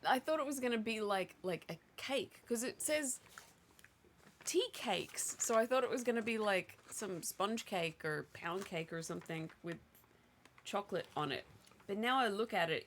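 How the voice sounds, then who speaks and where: A woman's voice: mid-range voice, moderate pace, a little hiss or hum. Chatty, teasing woman. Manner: chatty, laughs often, teasing. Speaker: co-host. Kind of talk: casual snack-tasting chat.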